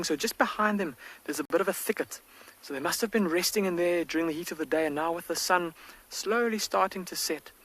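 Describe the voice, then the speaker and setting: A man working as a field guide, giving hushed, excited live wildlife commentary outdoors from a safari vehicle, with the mic close to his face. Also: fairly high pitch, low-quality recording. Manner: hushed, near-whispered, excited.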